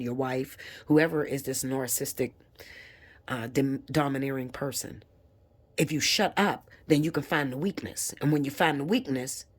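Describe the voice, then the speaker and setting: A woman reads tarot live, bluntly lecturing her viewers and swearing a lot. Once she's fired up, she grows emphatic and her voice leaps up high.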